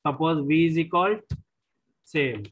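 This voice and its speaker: Indian man lecturing, slightly high voice. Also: a little slow, a bit bright, breathy edge, rough recording. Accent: Indian English. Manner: repetitive, explanatory, often says "see". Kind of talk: recorded classroom lecture.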